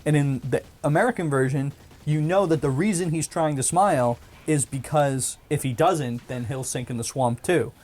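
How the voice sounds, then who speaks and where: A man's voice: a little high, normal speed, darkish tone. Man, casual gaming chat, rambling, chatty, laughs a lot.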